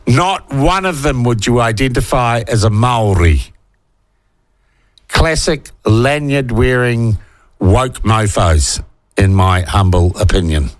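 A New Zealand man hosting talk radio in a middle-pitched voice. He talks bluntly and with open sarcasm, swears without hesitating, and reads listener messages aloud between his own remarks. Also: lively intonation, takes it slowly. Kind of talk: opinionated talk radio monologue.

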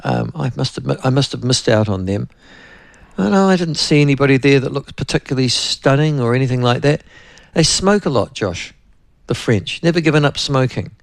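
A New Zealand man hosts a talk radio show in a gravelly, creaky voice, meandering through chatty anecdotes. The sound is close and dry, straight off a studio microphone. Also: medium pitch, expressive, fairly quick, no room sound. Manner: chatty, anecdotal, addresses co-host often. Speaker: radio host.

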